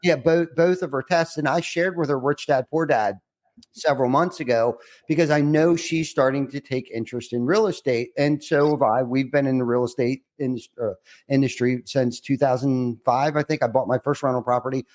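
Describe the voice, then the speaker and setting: In a reflective interview conversation, this middle-aged man hosting a podcast rambles earnestly, with many false starts leading up to his next question. He talks at a moderate pace in a steady, medium-pitched, somewhat mellow voice.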